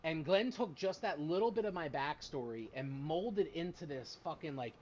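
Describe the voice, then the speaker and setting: A man talks in a loose, rambling way, cursing often and leaning on "like" between thoughts. His voice sits at an ordinary pitch. The audio is a bit dull and lo-fi, with a faint hiss behind it. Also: animated, moderate pace. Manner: profane, rambling, heavy use of filler "like". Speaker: tabletop game player. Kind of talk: casual chat. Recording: slightly muffled lo-fi stream audio.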